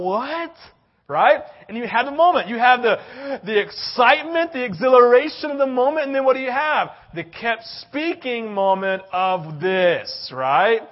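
An older man delivers a sermon in a high, animated voice that leaps up and down as he acts out little scenes. He peppers his talk with "right?" and playful asides. The recording sounds a little dull and lo-fi. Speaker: pastor.

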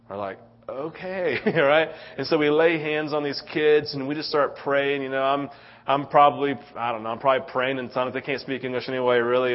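Animated pastor, muffled sound. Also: male voice, mid-range voice. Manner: animated storytelling, frequent "right?" asides. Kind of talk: conversational sermon. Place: church sanctuary.

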